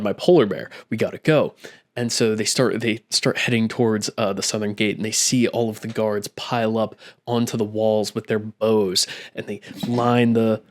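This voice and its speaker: A man who ran a tabletop game, chattily retelling the session into his own microphone and acting out what the players said. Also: lowish voice. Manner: chatty, acts out quotes with frequent "I'm like". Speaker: game master. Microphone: own microphone at a desk.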